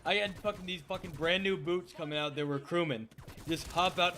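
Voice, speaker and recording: A man's voice: high voice, steady tone, brisk, bright, forceful tone, a little hiss or hum. A man in casual gaming chat, ranting heatedly and swearing constantly. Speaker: gaming buddy, ex-military.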